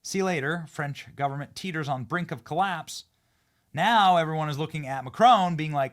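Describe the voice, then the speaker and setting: A man hosting a political commentary show, talking excitably with sarcastic asides. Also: brisk. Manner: excitable, sarcastic, swings between loud outbursts and low asides.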